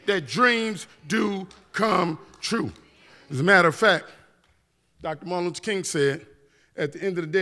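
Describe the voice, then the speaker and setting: Man, high voice, church keynote, passionate, repetitive rhythmic build, humorous asides. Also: bright, forceful tone. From New Orleans, USA. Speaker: guest speaker. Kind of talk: impassioned church keynote speech. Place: church sanctuary. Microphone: standing at a mic.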